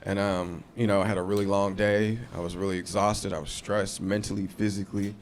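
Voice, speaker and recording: A man in his thirties doing a stand-up set, brash and profane, jumping into shrill high voices for punchlines. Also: little pitch movement, a little fast, a little hiss or hum. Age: 30s. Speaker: stand-up comedian. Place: comedy club stage. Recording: live club crowd laughter. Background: audience laughing.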